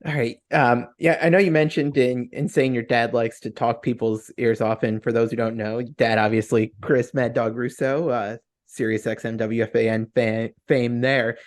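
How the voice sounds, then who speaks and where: A man's voice: medium pitch, steady tone, normal speed, few pauses. A man hosting a podcast, asking questions in a laid-back, casual way. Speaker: podcast host.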